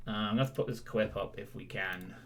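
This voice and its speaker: A man's voice: lowish voice, quick pace. A man hosting his stream, rambling casually and joking as he recaps past events for viewers. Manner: rambling, self-correcting, jokey. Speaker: streamer host.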